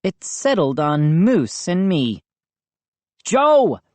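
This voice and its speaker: A woman narrating a children's horror audiobook in a measured storytelling manner. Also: low-pitched, very animated, a little mellow, dry recording. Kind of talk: audiobook reading.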